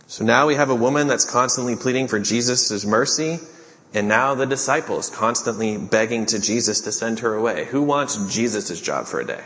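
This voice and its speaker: A man's voice: medium pitch, expressive, normal speed, a bit bright. A man preaching an earnest sermon as pastor, reading and explaining scripture. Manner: earnest preaching, acts out the disciples' pleas. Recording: long hall reverb.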